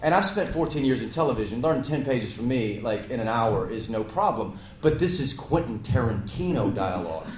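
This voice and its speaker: A man, an actor on a press panel, telling a story in an animated way, laughing and swearing freely. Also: mid-range voice, a little fast, few pauses, a little hiss or hum. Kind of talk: casual storytelling. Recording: echoey room.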